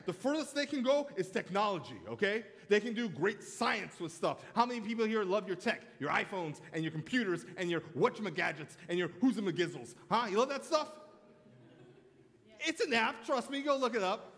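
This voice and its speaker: A pastor with a high, slightly bright voice preaches a sermon in a large, echoing room. He tells stories and calls out for amens from the congregation.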